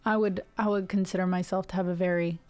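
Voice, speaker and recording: A woman in her twenties, a music streamer from Ohio, chats to her live stream audience in a rambling way, full of tangents and fillers. She has a neutral General American accent and a fairly low, slightly mellow voice. Her intonation stays fairly even and her pace is quick.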